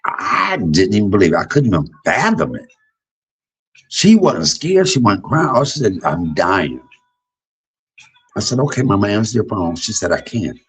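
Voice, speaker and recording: Husky, animated man in his fifties. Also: normal speed, poor audio. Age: 50s. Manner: animated, swinging between loud outbursts and low murmurs; profane and blunt. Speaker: livestream host. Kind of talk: emotional personal monologue.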